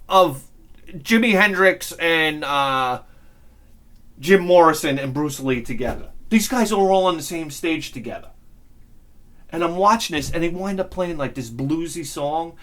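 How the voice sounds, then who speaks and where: A man hosting his own channel, telling a rambling, excitable story in a casual monologue and swearing freely. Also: fairly high pitch. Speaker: channel host.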